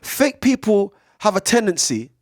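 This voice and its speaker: Young man, swearing, lively preachy monologue, dry close studio sound. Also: high-pitched, a little slow, no echo. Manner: preachy, profane, animated, swings between loud and hushed. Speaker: podcast speaker. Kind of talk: casual monologue. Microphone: studio mic.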